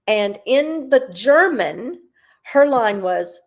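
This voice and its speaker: A middle-aged woman from South Carolina, a Broadway singer chatting as a guest and telling stories with lively, half-sung bits. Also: medium pitch, moderate pace. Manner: animated storyteller, sings snatches of lines. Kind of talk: casual interview chat.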